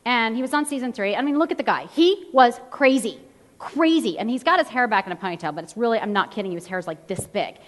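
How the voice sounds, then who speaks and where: A woman's voice: on the high side, fast talker, few pauses. A woman in her thirties, a fitness trainer, giving a motivational stage talk and telling stories while acting out the people in them. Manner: animated storyteller, acts out quotes. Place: large event hall. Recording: long hall reverb.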